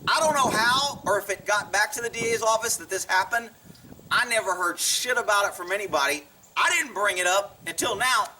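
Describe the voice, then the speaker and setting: A man's voice: sits high, fairly quick, bright, forceful tone, far from the mic, a little hiss or hum. A man casually telling a personal story to the camera, chuckling often and acting out the people he quotes.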